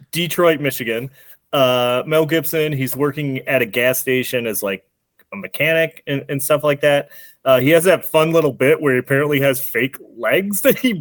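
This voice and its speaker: A man's voice: a little high, no room sound. Man, podcast host, casual plot recap, rambling, dry close sound. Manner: rambling, many fillers and restarts.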